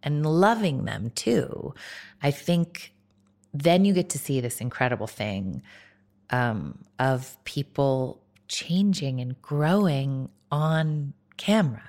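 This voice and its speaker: Woman, low register, candid director telling stories in casual interview chat. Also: lively intonation, slow pace, a little mellow. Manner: candid, laughing, loose with fillers. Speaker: film director guest.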